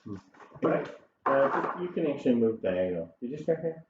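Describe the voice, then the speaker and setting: A man runs a tabletop game at the table, relaxed and casual, chuckling between rulings. The room echoes and the audio is dull, with a faint hiss underneath. His pitch sits in an ordinary middle range. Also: brisk. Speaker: game master. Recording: roomy, dull home recording with faint noise.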